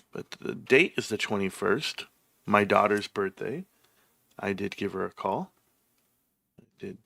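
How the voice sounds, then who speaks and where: A man's voice: lowish voice, vocal fry, a bit bright, no echo. A middle-aged man hosting a casual stock livestream, rambling and personal with lots of fillers. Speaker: stock show host.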